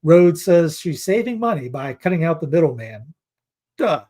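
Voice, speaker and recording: A man's voice: on the high side, very animated, normal speed, mellow. A man hosting a casual news commentary, reading headlines aloud and adding sarcastic, rambling asides. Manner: rambling, with many restarts and fillers.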